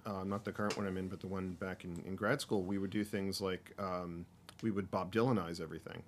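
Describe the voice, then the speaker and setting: A man's voice: sits low, fairly even intonation, a little fast, a little hiss or hum. A man co-hosting a podcast, chatting casually and hesitantly with many fillers. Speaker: podcast co-host. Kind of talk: casual chat.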